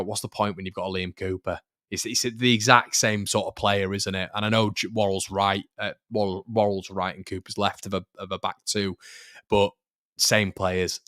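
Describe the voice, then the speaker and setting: A man hosts a football fan live stream in a loose, conversational way, often repeating himself and answering viewers' comments as they come in. His voice sits low. It is recorded close and dry, with no room sound. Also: a bit bright, no echo. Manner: chatty, repeats phrases, reads viewer comments. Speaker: fan channel host.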